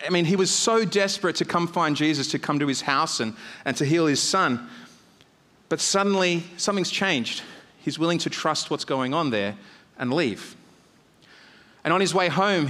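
A male pastor giving a conversational sermon, telling the story with animated emphasis. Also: on the high side. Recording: long hall reverb.

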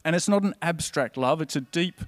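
Preaching earnestly and conversationally, this man speaks a little fast in a slightly higher voice. The audio is dry and close-miked, with barely any room around him.

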